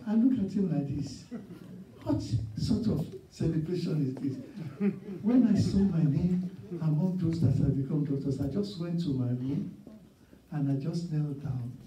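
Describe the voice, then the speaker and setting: In a church sanctuary, a guest preacher in his sixties speaks earnestly through personal stories, stressing points by repeating them. His fairly high voice is mellow and unhurried, recorded from a distance with a roomy sound and slight background noise.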